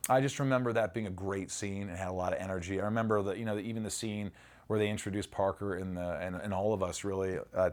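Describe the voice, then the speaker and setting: A man's voice: on the low side, a little mellow. A middle-aged man, an actor in a casual interview, telling stories animatedly, swearing freely and acting out lines.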